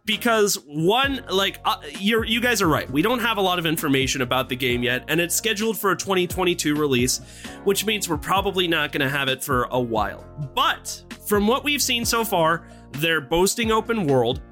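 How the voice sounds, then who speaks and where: High, bright-voiced man in excited chatter. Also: moderate pace, faint music behind. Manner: animated, laughs often, playfully theatrical. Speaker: podcast co-host. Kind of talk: casual chat.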